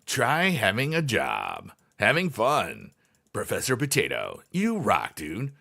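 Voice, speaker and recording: A man imitating a grand, mock-serious movie-trailer narrator with slow dramatic delivery. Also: lowish voice, wildly swooping pitch, vocal fry, bright, forceful tone, full character voice. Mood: mock-epic.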